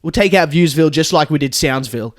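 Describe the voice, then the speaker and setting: A man's voice: a little high, fast talker, pitched below the performer's own voice, lightly acted. A man voicing a blind, foul-mouthed female bus tour guide in a comedic storytelling podcast. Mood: irritated, scheming. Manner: swings from chirpy guide patter to furious swearing.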